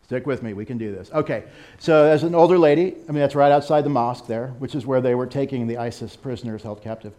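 An American man giving a sermon over a slideshow, animated, with laughing asides and excited exclamations. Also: medium pitch, quick pace. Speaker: missionary speaker.

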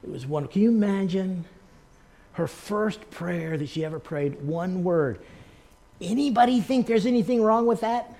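A pastor with a high-sitting, warm voice preaches at a normal speed, earnestly telling personal stories and acting out the people he quotes.

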